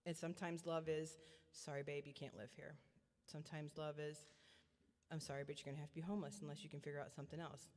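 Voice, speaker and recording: A middle-aged woman giving a personal testimony as a parent, earnest and repetitive, often halting and restarting her sentences. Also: deep voice, flat delivery, darkish tone. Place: church hall. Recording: long church hall reverb.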